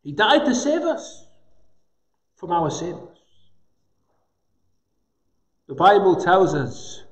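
A man preaching a sermon in a gospel hall, slow and emphatic with dramatic pauses. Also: high voice, big pitch swings. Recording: echoey hall with long reverb.

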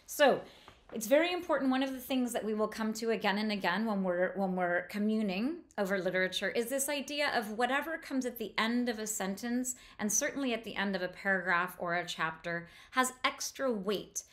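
A woman's voice: medium pitch, fairly bright tone. Enthusiastic woman lecturing on prose. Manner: enthusiastic, slows down to read passages aloud. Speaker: literature lecturer. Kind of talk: close-reading lecture.

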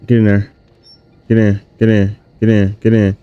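A man giving casual, animated let's-play commentary on a horror game, chatting to his viewers in slang. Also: on the low side, normal speed, clear, resonant tone, no echo, highs cut off. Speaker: gaming YouTuber.

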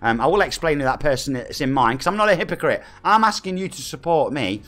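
A man's voice: fairly high pitch, animated, fast talker, fairly bright tone. A man in his forties with an East Midlands English accent, hosting a live game stream at home, chatty and hyped while reading out and thanking viewers. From England. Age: 40s. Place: home room.

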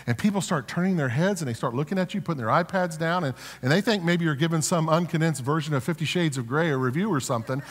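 A man's voice: a little high, fairly bright tone. A man preaching a sermon as pastor, conversational and storytelling, with rhetorical questions and frequent restarts. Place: church sanctuary. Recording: long church hall reverb.

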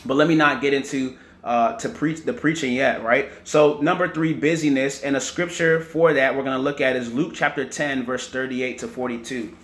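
A man's voice: medium pitch, fairly even intonation, moderate pace, hardly any pauses, fairly bright tone, echoey room, slight background noise. A man preaching a teaching sermon, often repeating words and checking in with "right?" and "amen".

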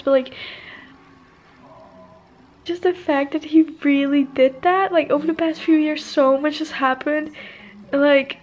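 A young woman, chatting in a casual vlog and gushing excitedly with lots of fillers. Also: high voice, a little slow, long pauses. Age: young adult. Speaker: vlogger.

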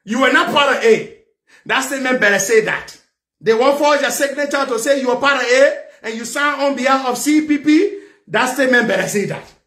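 Talk show host, male, high-pitched and fiery, echoey room. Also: a little fast. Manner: fiery, repetitive, shouting at times. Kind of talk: angry political rant.

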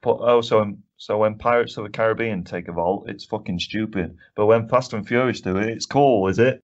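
A man's voice: fairly low pitch, moderate pace. A man co-hosting a casual film review podcast, ranting and swearing often with frequent laughs. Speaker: podcast co-host. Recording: dull lo-fi podcast audio.

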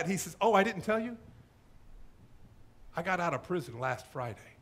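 A male pastor preaching a sermon in a church, telling a story with lively acted-out quotes. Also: sits high, normal speed, long pauses. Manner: animated storytelling, acting out quoted voices. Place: church sanctuary.

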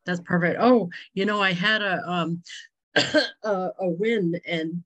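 A woman's voice: fairly low pitch, fairly even intonation, takes it slowly, a bit bright, low-quality recording. A woman hosting a casual video-call chat, bubbly, exclaiming and laughing often. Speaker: host.

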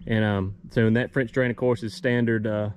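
A man talking casually through a farm vlog outdoors, relaxed and rambling with many fillers. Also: lowish voice, moderate pace, a little hiss or hum. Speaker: farm vlogger.

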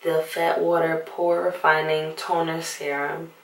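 A young woman chats through her nighttime routine in a hushed half-whisper, with a relaxed lilt. Her fairly low voice sits a bit back from the phone mic. The bathroom gives it a noticeable echo. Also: measured pace. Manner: hushed, half-whispering so as not to wake anyone. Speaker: beauty vlogger. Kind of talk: late-night casual vlog. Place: bathroom at home. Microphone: handheld phone camera. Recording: roomy, slightly distant phone audio.

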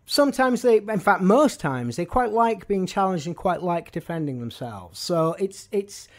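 A man's voice: high voice, animated, normal speed. Man telling wry stories. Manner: wry, dry storytelling. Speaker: guest, music journalist. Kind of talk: anecdotal interview chat.

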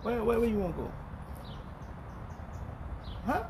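A man preaching as a pastor in a street-style Bible teaching, swinging between low mutters and shouted bursts and reading scripture slowly and emphatically. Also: big pitch swings, a little hiss or hum.

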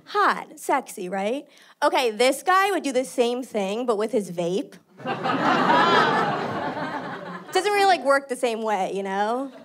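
A young New woman, loud and brash as she talks her way through a stand-up set. Her voice sits high and carries over a handheld mic, with the noise of a live room underneath. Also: very animated, takes it slowly, long pauses. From New York. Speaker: stand-up comedian. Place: stage before a live audience.

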